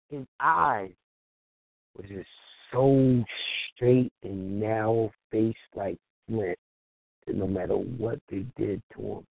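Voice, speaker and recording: A man's voice: fairly low pitch, slow, vocal fry, long pauses, dry recording. A man on an internet radio show, telling a story with chuckles and playing the other people's voices, then giving advice. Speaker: small business owner on an internet radio show. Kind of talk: animated anecdote and advice. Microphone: phone. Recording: tinny dry phone line.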